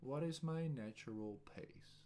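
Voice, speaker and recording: A man teaching as an English speaking coach, talking calmly and deliberately with a pause every few words. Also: mid-range voice.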